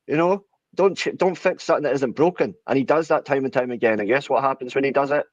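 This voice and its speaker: A man's voice: medium pitch, fast, dry recording, highs cut off. A man co-hosting a podcast, arguing his point with frustration. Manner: frustrated, argumentative. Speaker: podcast co-host. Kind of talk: casual chat.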